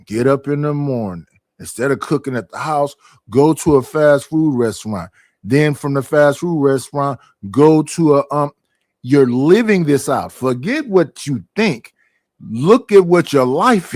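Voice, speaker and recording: A man's voice: fairly high pitch, expressive, a little slow, darkish tone, dry recording, studio quality. A middle-aged man, ranting profanely at home in a casual streaming monologue, firing off rhetorical questions.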